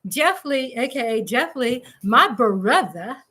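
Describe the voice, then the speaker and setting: A woman's voice: fairly high pitch, lively intonation, takes it slowly, sharp tone, husky. A woman hosting a casual live stream from home, chatty and playful, reading out viewer comments.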